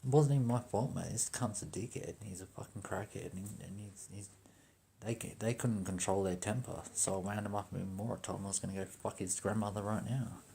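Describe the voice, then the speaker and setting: A low-voiced young man tells a story in a swaggering, foul-mouthed rant. His voice has a rough, gravelly edge, and there is a faint hiss behind him. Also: brisk. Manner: profane, swaggering, animated. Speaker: livestreamer. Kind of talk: ranting casual storytelling.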